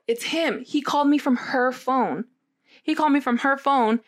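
A young woman telling a story in casual chat, animated and swearing freely, often checking in with her listener. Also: a little high, fast.

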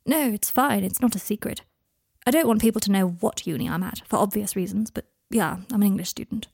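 Woman voicing a confident young man, coaxing, teasing, dark husky tone, storybook reading. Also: medium pitch, a little fast. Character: young man, earnest and self-assured.

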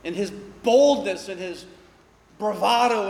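A man's voice: high-pitched, a little slow, darkish tone. A man preaching a sermon as pastor, earnest and emphatic. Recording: echoey hall.

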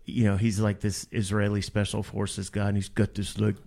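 A man's voice: on the low side, completely flat delivery, normal speed, gravelly, darkish tone. A man, a rock vocalist as guest, telling stories bluntly and with plenty of cussing in a casual interview. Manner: blunt, profane, rambling.

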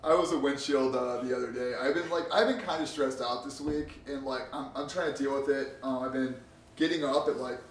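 A young man co-hosting a podcast, telling stories in a profane, animated way. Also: mid-range voice, brisk. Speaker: podcast co-host. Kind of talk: casual chat. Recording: roomy sound, distant from mic.

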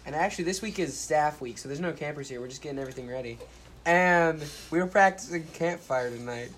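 A man's voice: fairly high pitch, quick pace, a bit bright, slight background noise. A young man hosting a casual podcast from a cabin in the woods, loose and joking, with many restarts. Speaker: podcast host.

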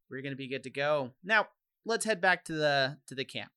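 Guy doing a peppy missionary pep talk in a tabletop game, slightly high, clear voice. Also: expressive, brisk, bright, forceful tone, no room sound, studio quality. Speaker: player. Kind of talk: in-character role-play as an upbeat missionary.

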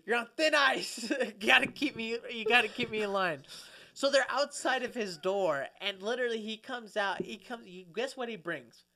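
A man co-hosting a podcast in casual comedic chat, animated and profane, rambling with many restarts. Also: extremely high pitch, normal speed. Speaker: podcast co-host.

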